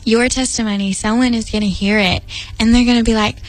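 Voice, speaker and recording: A woman's voice: a little high, steady tone, brisk, dry recording, rough recording. Giggly chatty woman. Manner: giggly, chatty, uses "y'all" and "like". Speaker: host of a Bible study broadcast. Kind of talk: casual Bible study talk.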